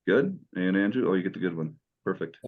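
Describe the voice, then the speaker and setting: A man's voice: sits low, animated, brisk, phone-quality sound. A man teaching Greek in an online class, patient and encouraging as he explains step by step.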